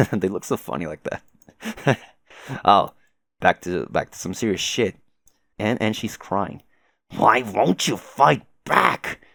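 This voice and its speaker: A man's voice: low-pitched, expressive, slow, long pauses, fairly bright tone, no room sound, studio quality. A young man reading a webcomic aloud and reacting live, swearing, exclaiming and laughing between his remarks. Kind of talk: read-along with live reactions.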